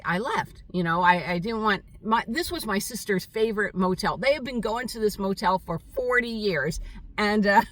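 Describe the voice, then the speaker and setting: An older woman telling a rambling, halting story in a casual vlog monologue, with many fillers. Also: mid-range voice, a bit bright, recorded from a distance. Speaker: vlogger. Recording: voice set back from the mic.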